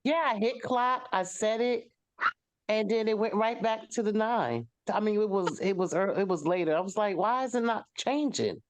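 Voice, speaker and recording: A woman's voice: mid-range voice, moderate pace, noisy background. A woman chatting casually and easygoing, laughing along with the others. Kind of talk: casual chat.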